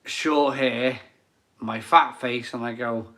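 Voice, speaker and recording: Bloke in his forties hosting a live stream, chatty, giggly, slow and bright. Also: medium pitch, fairly even intonation. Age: 40s. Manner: chatty, laughs often, reads chat comments aloud. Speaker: beer reviewer and live stream host. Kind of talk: casual live stream chat.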